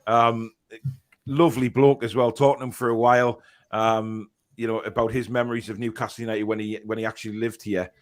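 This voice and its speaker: A man's voice: fairly low pitch, flat delivery. Chatty man reading viewer comments. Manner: chatty, reads comments aloud with fillers and quick reactions. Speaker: podcast host reading viewer chat. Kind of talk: casual fan-podcast chat.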